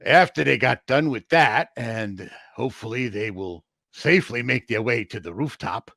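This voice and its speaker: Gravelly, bright-toned man giving a recap. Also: mid-range voice, expressive, moderate pace, dry recording, clean studio sound. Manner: joking, loose and chatty. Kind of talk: casual game recap.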